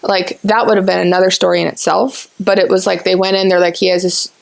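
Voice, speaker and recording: A woman's voice: fairly low pitch, flat delivery, fast, gravelly. A woman in her twenties hosting a podcast, telling a story at length in casual chat. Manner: talkative, rambling storyteller. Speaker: podcast host.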